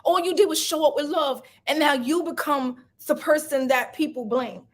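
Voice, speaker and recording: A woman's voice: sits high, moderate pace. A young adult woman hosting a live love and life chat, talking passionately and emotionally, near tears, repeating phrases for emphasis. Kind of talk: emotional casual live-stream talk.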